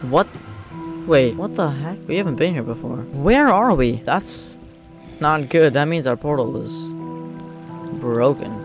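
A young man talks through his gameplay in an excitable, joking way, often shouting out at the creatures he fights. His voice sits a bit high for a man. Game music plays clearly behind him. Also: unhurried, long pauses. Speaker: gamer. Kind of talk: let's play commentary.

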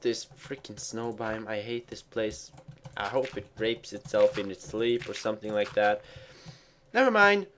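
A man's voice: medium pitch, slight background noise. A man giving casual let's play commentary while he plays, rambling and mocking himself with stumbling restarts. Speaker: gamer.

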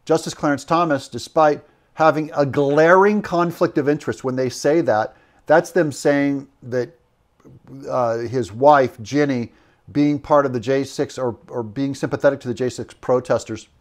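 A man's voice: mid-range voice, normal speed. A man giving opinionated political commentary, rambling with fillers and self-corrections. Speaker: political commentator in a played clip.

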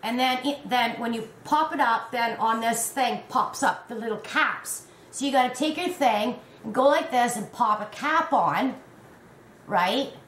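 A chatty woman vlogger tells stories to her viewers in a lively, self-mocking way. Her voice sits a little high, and the room around her is echoey with a faint hum behind. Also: unhurried. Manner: animated storytelling, laughs at herself. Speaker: crochet vlogger. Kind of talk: casual chatty vlog.

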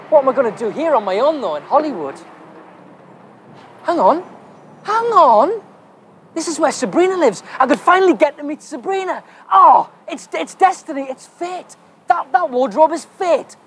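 A young man presenting children's TV, talking to himself in an excitable, giggly comic sketch. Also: extremely high pitch, slight background noise. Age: young adult.

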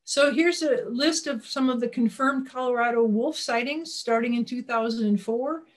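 A woman's voice: fairly high pitch, moderate pace. Folksy woman giving a slide talk. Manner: conversational, with frequent restarts and calls for the next slide; folksy, plainspoken. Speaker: wildlife presenter.

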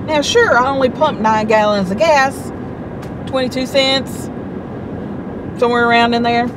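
A woman's voice: a little high, measured pace, background noise. A middle-aged woman telling a story to her vlog in a chatty, indignant way. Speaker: vlogger. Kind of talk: casual storytelling.

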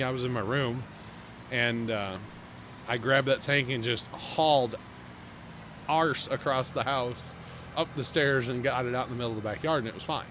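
A man hosts a gaming livestream, talking in a loose, rambling way as he chats with friends and thanks his viewers. His voice sits at an ordinary middle pitch. A faint hiss runs underneath. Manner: rambling, chatty, thanks subscribers. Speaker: streamer host. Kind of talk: casual livestream chat.

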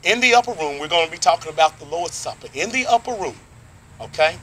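A man preaching a short online sermon outdoors, in an animated, folksy way, often checking in with his listeners. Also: a little high, brisk, a little hiss or hum. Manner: animated, folksy preaching with call-and-response asides. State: sweating in the heat. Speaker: pastor.

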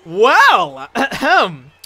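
A man's voice: very high voice, wildly swooping pitch, drawn-out words, gravelly, bright, forceful tone. A man hosting a casual gaming stream, joking and teasing his co-player in playful banter. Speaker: stream host.

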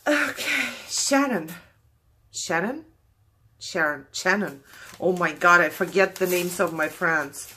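Tearful woman, bright tone, candid and apologetic, swinging up and down. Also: fairly low pitch, animated, slow, a little hiss or hum. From Germany. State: fighting back tears. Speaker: craft vlogger opening mail. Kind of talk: casual voice-over while opening mail.

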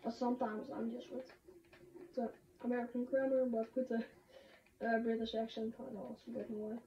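A woman streaming a game, chatting excitably with sudden shouts and laughs. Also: on the high side, a little fast. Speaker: gamer streaming a match. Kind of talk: excited gaming commentary. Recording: roomy, distant, dull lo-fi sound with faint noise.

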